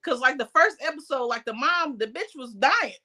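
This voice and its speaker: Woman co-host, high-pitched, swears a lot, tells stories loudly. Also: moderate pace. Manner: animated storyteller, heavy swearing, loud outbursts. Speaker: podcast co-host. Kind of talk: casual chat.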